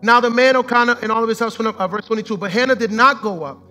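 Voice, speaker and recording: A man preaching with a very high, bright, ringing voice, switching from fervent shouts to quiet, close scripture reading. He talks with casual slang as he drives each point home, while soft music sits faintly behind him. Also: fairly even intonation, racing, rough recording. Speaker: pastor. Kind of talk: sermon.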